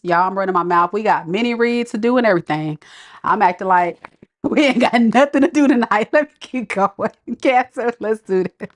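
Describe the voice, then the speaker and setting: Sassy, animated woman tarot reader. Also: a little high. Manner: sassy, animated, laughing often, slangy. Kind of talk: live tarot reading stream.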